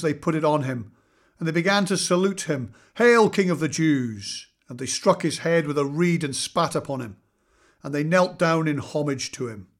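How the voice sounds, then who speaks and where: A man reading scripture aloud in a measured, solemn way, slowing for weight. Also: on the high side. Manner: measured, solemn reading with slow dramatic pauses. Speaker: scripture reader.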